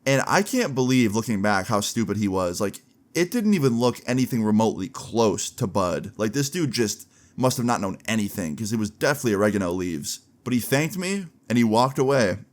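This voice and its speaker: A man's voice: fairly low pitch, animated, brisk. A young man casually telling a story from his school days, slangy and laid-back, often adding "like" and "right?". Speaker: storyteller vlogger. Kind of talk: casual story-time narration.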